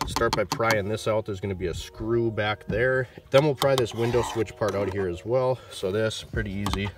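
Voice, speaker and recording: A man's voice: on the low side, normal speed. Laid-back man explaining a truck repair. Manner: laid-back, teasing, swears casually. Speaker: channel host. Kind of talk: casual how-to car vlog. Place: outdoors working on vehicles. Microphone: camera mic, handheld filming.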